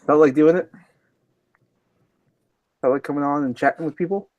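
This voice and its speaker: A man's voice: a little high, moderate pace, lo-fi sound, crowd noise. A man hosting a casual online chat show, stammering and repeating words as he asks questions. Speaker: stream host.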